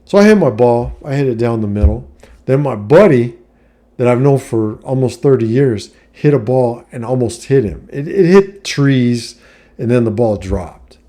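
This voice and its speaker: Blunt, profane middle-aged man with a mellow voice. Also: mid-range voice, animated, moderate pace. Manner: blunt and profane, heavy "you know what I mean" filler. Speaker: vlogger giving life advice. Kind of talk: casual monologue to camera.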